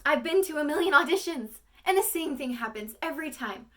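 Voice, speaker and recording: A woman's voice: high voice, lively intonation, a little fast, pushed and bright, far from the mic, pitched above the performer's own voice. A young woman performing a monologue as an insecure young actress, pleading and close to tears. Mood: distraught.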